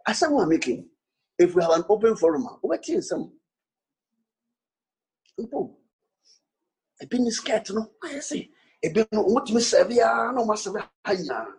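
A man preaching a sermon as pastor, switching between English and Twi, with animated delivery and sudden shouts. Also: high-pitched, moderate pace, creaky, pauses often.

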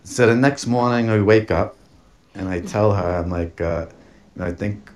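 A man's voice: fairly low pitch, normal speed, darkish tone. A man casually telling a personal story on a podcast, swearing freely and laughing as he talks. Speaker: podcast host.

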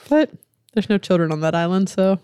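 A man's voice: sits high, dark tone, clean tone, no room sound, studio quality. A man co-hosting a podcast in casual chat, blunt and sarcastic, swearing freely. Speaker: podcast co-host.

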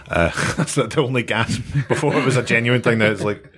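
A man's voice: medium pitch, fairly bright tone, husky. A Scottish man hosting a podcast, telling a story in a jokey, sweary way and laughing often. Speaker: podcast host. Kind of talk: casual chat, storytelling.

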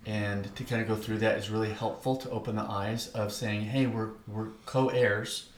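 A man's voice: lowish voice, little pitch movement, normal speed, roomy sound. A middle-aged man co-hosting a podcast, telling rambling stories in casual chat and laughing often. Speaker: podcast co-host.

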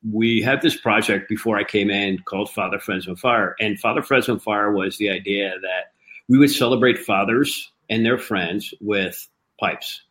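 A man from a cigar company, a guest telling animated stories and acting out the dialogue. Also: fairly low pitch, moderate pace, low-quality recording. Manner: lively storyteller who acts out quoted dialogue. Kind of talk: animated anecdotal storytelling.

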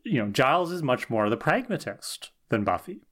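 A man's voice: mid-range voice, big pitch swings, moderate pace, a bit bright. A man co-hosting a podcast, talking through a TV episode thoughtfully, with frequent restarts and "right?" checks. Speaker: podcast co-host. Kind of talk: casual podcast discussion.

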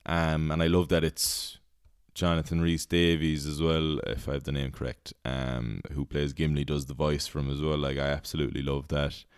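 A man's voice: very deep voice, level tone, moderate pace, smooth, dry recording, studio quality. A young man, hosting a podcast in casual chat, rambling, swearing freely and laughing at his own jokes. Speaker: podcast host.

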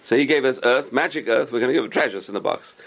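A man's voice: mid-range voice, fast. A man telling a religious story with a moral lesson, acting out the characters' lines. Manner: animated, acts out characters' lines.

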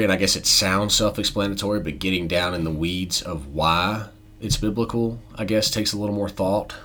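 A man hosting a faith-based podcast, talking in an earnest, reflective, steady way. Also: sits low. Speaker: podcast host.

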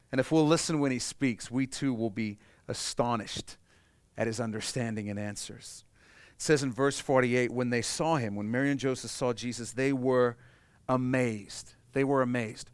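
Smooth-voiced male preacher, hushed to animated. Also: medium pitch, no room sound. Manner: conversational preaching, swings from hushed to loud and animated. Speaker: pastor. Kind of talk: sermon.

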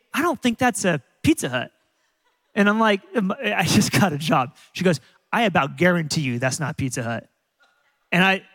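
A man preaching a sermon as a pastor, telling stories in an animated way with frequent restarts. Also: high voice. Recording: long hall reverb.

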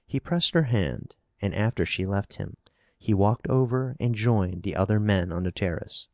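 Man, low voice, scripted narration, even, dry close recording. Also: moderate pace, vocal fry, dry recording. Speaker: audiobook narrator. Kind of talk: scripted narration of a pulp novel.

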